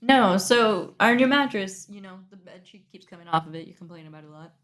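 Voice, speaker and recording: A woman's voice: medium pitch, expressive, brisk, fairly bright tone. Giggly woman co-hosting a podcast. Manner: giggly, laughs often while talking. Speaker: podcast co-host. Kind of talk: casual chat. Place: home.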